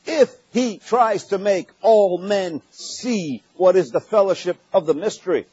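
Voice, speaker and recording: A man's voice: high-pitched, unhurried, darkish tone, breathy edge, no room sound. A man preaching a sermon, emphatic, repeating key phrases and building to raised peaks, on a dull lo-fi recording.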